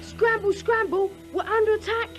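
A voice actor playing young fighter pilots shouting urgent battle calls in a toy advert. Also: very high voice, fairly even intonation, moderate pace. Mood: excited. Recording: old advert clip played under loud music.

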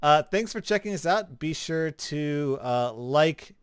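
A man giving casual, chatty commentary as a gaming video creator, relaxed, with small laughs. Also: on the high side, slow pace, smooth, dry recording, studio quality. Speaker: gaming YouTuber. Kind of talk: casual commentary over gameplay.

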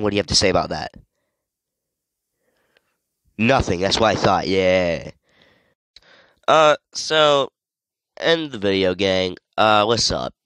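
A man's voice: low-pitched, fairly bright tone, clean tone, dry recording. A sick young man rambling through casual gameplay commentary, easily distracted and breaking into sudden yelps. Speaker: gaming video creator.

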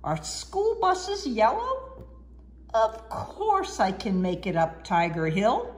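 A woman voicing a cheerful, confident woman bus driver in a storybook reading, with a bright, emphatic sing-song delivery. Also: fairly high pitch, sing-song, takes it slowly.

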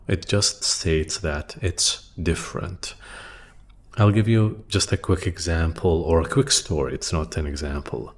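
Deep-voiced man musing slowly. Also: a little hiss or hum. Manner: thoughtful, hesitant, with restarts and soft trailing phrases. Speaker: podcast host. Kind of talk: reflective solo monologue. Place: quiet room. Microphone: studio microphone.

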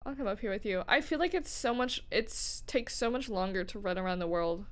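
A tired woman streaming a game and chatting casually with a friend, playful and teasing with quick laughs. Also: mid-range voice. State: tired, low energy. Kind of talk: casual gaming chat.

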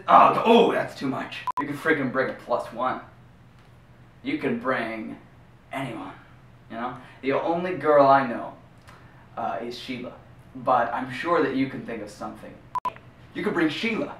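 A man voicing a dim, bragging teenage quarterback who talks brashly and keeps saying "freaking", for an animated web series. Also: mid-range voice, unhurried, pauses often, recorded from a distance. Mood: scheming. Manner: brash, peppers every line with "freaking". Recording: roomy echo, mic set back, faint hiss.

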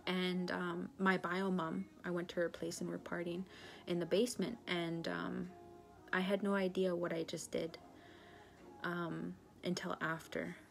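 Flat-voiced woman telling her story. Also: fairly low pitch, gravelly, faint music behind. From northern British Columbia, Canada. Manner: halting, with frequent pauses and fillers; earnest, confessional storytelling. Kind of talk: personal recovery testimony.

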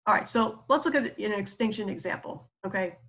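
A woman's voice: mid-range voice, lively intonation, fairly quick, fairly bright tone, husky. A woman psychologist giving a casual lecture on therapy skills, chatty, with lots of fillers and acted-out quotes. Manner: chatty, many fillers and asides, acts out quoted speech.

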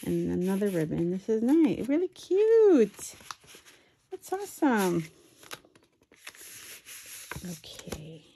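A woman chatting excitedly while unboxing a craft swap package, with self-deprecating asides. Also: medium pitch, slow pace, pauses often, a little hiss or hum. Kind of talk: casual unboxing commentary. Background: paper crinkling and clicks.

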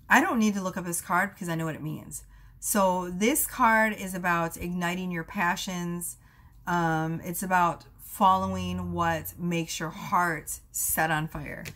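A woman giving a casual tarot reading, rambling with many fillers and asides, her voice going hoarse. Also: lowish voice, a bit bright. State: losing her voice. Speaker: tarot reader.

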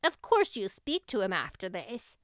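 A woman voicing an excitable teenage girl who gushes breathlessly. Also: mid-range voice, moderate pace, no room sound, studio quality, natural voice. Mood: gushing. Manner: breathless and gushing.

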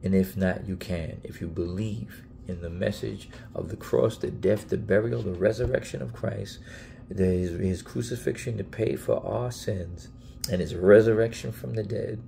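A man's voice: lowish voice, normal speed, creaky, dark tone, a little hiss or hum. A man preaching in a casual Bible teaching video, earnest and emphatic, often repeating himself and restarting phrases.

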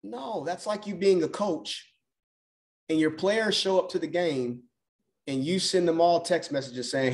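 A man's voice: a little high, a little slow. A man coaching on a mindset call, talking emphatically and repeating key phrases for effect. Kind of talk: motivational call talk.

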